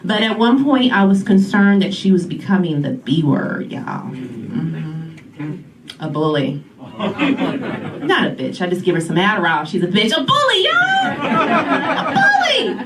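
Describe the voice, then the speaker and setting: A woman's voice: lowish voice, animated, a little slow, pauses often, recorded from a distance, heavy background noise. A brash woman in her forties doing a stand-up comedy set, calling the audience y'all. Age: 40s. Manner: brash, sassy, addresses crowd as y'all. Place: comedy club stage. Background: loud audience laughter.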